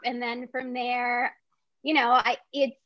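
A woman who founded a small business tells her story in a casual interview, chatty and excitable, full of filler words. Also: a little high, slow pace, dry recording, muffled recording.

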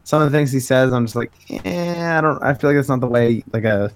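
A man's voice: medium pitch, fast. A man co-hosting a podcast, recapping a comic issue in casual chat with many filler words. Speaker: podcast co-host.

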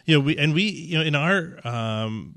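A man in a radio studio telling a story as a guest from a financial firm, halting and restarting often. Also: on the high side, animated, gravelly, a bit bright, dry recording. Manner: anecdotal, halting, many restarts. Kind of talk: casual radio talk.

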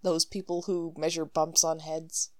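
A woman with a notably low voice co-hosts a casual podcast and cuts in with jokes and dry sarcasm. She is recorded close and dry, with no room sound. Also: level tone, a little slow, darkish tone, dry recording. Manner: joking, sarcastic interjections. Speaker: podcast co-host.

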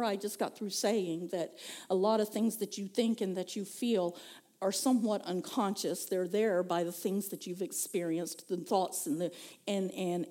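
A woman's voice: mid-range voice, dark tone. A woman pastor, preaching a conversational sermon, telling stories and laughing often. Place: church.

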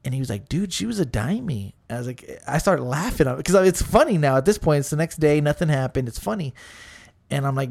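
A man's voice: fairly high pitch, fairly quick, gravelly. A man casually telling a long story on a podcast, swearing freely and acting out what his friends said. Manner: animated, profane, acts out what friends said. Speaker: podcast co-host.

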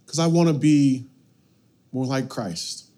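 A man preaching a sermon as pastor, animated, swinging from loud bursts to hushed lines. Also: medium pitch, takes it slowly.

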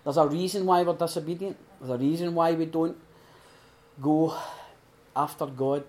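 A middle-aged man giving an earnest, heartfelt talk at a recovery retreat. He swings between loud emphasis and hushed, prayerful quiet. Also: fairly high pitch, fairly even intonation, moderate pace. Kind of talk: informal sermon talk.

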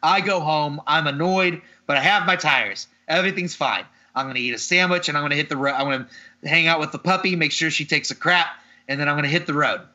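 A man's voice: a little high, fast, sharp tone, highs cut off. A man hosting a podcast who tells a story in casual chat, sounding exasperated and swearing freely as he retells it. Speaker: podcast host.

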